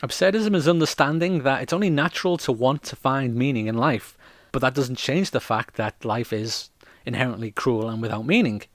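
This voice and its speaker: A playwright walks through a theatre style in a relaxed, explanatory way, slipping wry jokes into the lesson. He is a man with a mid-range voice. The recording is dry and close, with no room sound. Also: mid-range voice, brisk, no echo. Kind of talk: casual explanatory talk.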